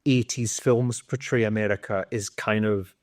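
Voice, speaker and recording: A man's voice: on the low side, fairly even intonation, normal speed, darkish tone. A Scottish man on a podcast panel, talking casually and swearing freely while he mimics other people's voices. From Scotland. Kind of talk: casual chat.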